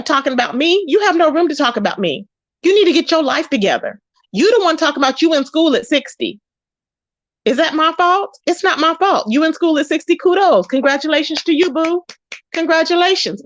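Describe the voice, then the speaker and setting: A sassy woman with a high voice rants at the people she calls out, stretching out her emphatic phrases. Her confrontational commentary comes through a dull, lo-fi, dry recording. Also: fairly bright tone, dry recording. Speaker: YouTube commentary host. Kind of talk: casual commentary rant.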